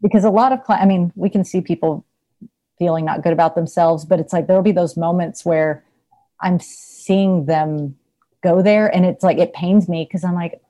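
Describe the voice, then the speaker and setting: On the low side and mellow, this woman's voice moves at a normal speed. She's a therapist guesting on a podcast, chatting casually in an interview with frequent laughter and plenty of fillers.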